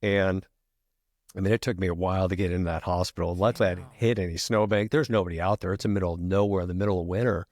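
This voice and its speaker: A middle-aged retired firefighter, speaking as a podcast guest, tells a long story in a casual, profane way, dropping "freaking" into every sentence. His low male voice moves quickly with fairly even intonation and a slightly mellow quality, and there's no echo.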